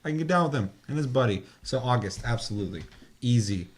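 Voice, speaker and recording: A man's voice: medium pitch, animated, quick pace. A man in his thirties co-hosting a casual gaming podcast, ranting with heavy profanity. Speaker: podcast co-host.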